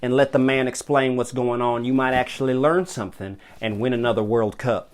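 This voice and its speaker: A man's voice: mid-range voice, fairly even intonation, brisk. A man hosting a comedy football show and narrating skill drills, pompous and exasperated. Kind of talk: comic talk-show host, then skills tutorial narration.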